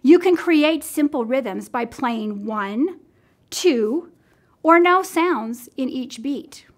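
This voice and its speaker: Woman music teacher, unhurried, clear and patient, demonstrating rhythm lessons. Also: sits high, lively intonation. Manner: clear, patient, counts in and sings along.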